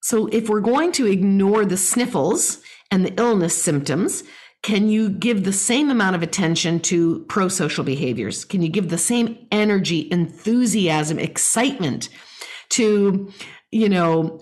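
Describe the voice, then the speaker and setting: A woman's voice: mid-range voice, expressive, moderate pace. A woman hosting a podcast, giving parenting advice and reading listener questions aloud. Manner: warm explanatory, reads listener emails aloud. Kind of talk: casual advice talk.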